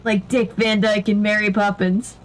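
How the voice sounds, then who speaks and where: A woman's voice: mid-range voice, level tone, moderate pace. Casual gaming chat: woman, giggly, faint background hiss. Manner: giggly, laughs often. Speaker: podcast co-host.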